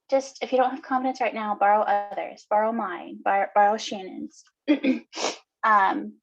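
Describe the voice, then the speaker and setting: A woman giving earnest, encouraging advice in a casual talk, often pausing on "um". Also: medium pitch. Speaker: co-host. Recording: dull lo-fi video call audio.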